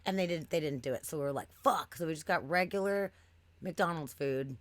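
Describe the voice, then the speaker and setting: A woman's voice: low voice, brisk, no echo. A young woman co-hosting a stream, telling stories in a chatty, laughing way with some swearing. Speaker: stream co-host. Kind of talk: casual chat.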